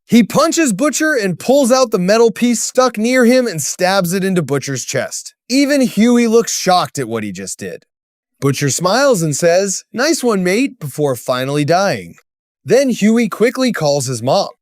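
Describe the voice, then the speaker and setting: A man's voice: high voice, dry recording, studio quality. A man narrating a scripted story recap, telling it dramatically and lifting his voice at sudden turns.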